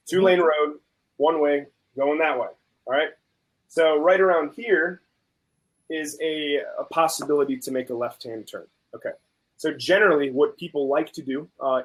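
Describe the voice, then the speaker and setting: A young adult man and host of a food channel, chatting casually and telling a story with lively acted-out quotes. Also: a little high, husky, poor audio. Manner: animated storyteller, acts out quotes.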